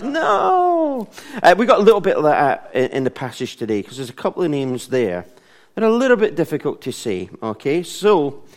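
A middle-aged man gives a casual sermon in a church. He preaches in a chatty, self-deprecating way and often breaks into laughter. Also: mid-range voice. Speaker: pastor.

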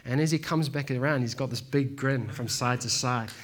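A man preaching a sermon in a relaxed, slangy way, telling stories and calling listeners "man" and "bro". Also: medium pitch, moderate pace. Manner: laid-back, slangy, says "man" and "bro". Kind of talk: casual sermon with storytelling.

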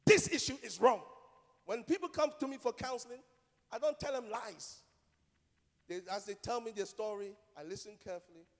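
High-voiced preacher in a reverberant hall. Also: male voice, expressive, normal speed. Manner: emphatic, repeats key phrases, rhetorical questions. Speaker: pastor. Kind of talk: sermon.

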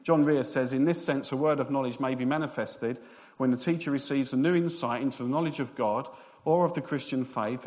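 A man preaching a sermon, fast and excitable, with self-deprecating humor. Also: medium pitch.

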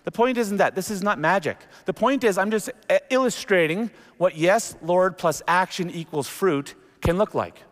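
Middle-aged male pastor, slightly high voice, animated storytelling sermon, reverberant church hall. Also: normal speed, hardly any pauses. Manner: animated storytelling, jumps into acted quotes. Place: church sanctuary. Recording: long reverb of a large hall.

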